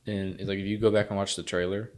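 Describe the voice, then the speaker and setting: Male podcast co-host, deep voice, relaxed movie-review chatter, animated retelling. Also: fast. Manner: animated, quotes film lines in retelling. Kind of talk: casual movie review chat.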